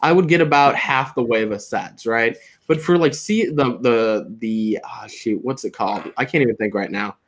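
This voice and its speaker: A young man chatting casually while building Lego, rambling and laughing easily, his words a little soft and slurred. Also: mid-range voice, moderate pace, hardly any pauses. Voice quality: soft, slightly slurred when quiet. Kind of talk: casual chat.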